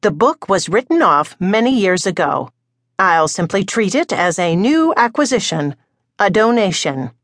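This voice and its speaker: A woman narrator voicing a stiff, prim small-town librarian who speaks in a crisp, dry tone. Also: medium pitch, very animated, measured pace, a bit bright, no echo, full character voice.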